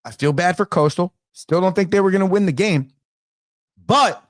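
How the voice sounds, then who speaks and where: High, animated, ranting male sports host. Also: moderate pace, dry recording, studio quality. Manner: emphatic, exasperated, ranting. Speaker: baseball coach and show host. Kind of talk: casual sports commentary rant.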